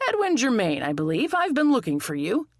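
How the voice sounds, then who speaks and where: A woman voicing a stern, dogged male police detective who speaks in a formal, measured, firm way. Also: on the high side, huge pitch swings, dry recording, clean studio sound, voice pushed up.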